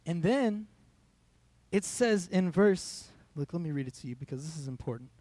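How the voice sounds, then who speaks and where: A man's voice: fairly high pitch, expressive, normal speed, darkish tone, no room sound. Young man preaching a casual sermon. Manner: conversational, storytelling, quotes his own thoughts. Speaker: youth pastor. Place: church hall.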